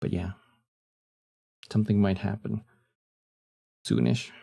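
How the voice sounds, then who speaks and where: A young man chatting casually on a live stream, with a deep, husky morning voice and a laid-back way of talking, often trailing off with fillers. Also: little pitch movement, slow pace, warm tone.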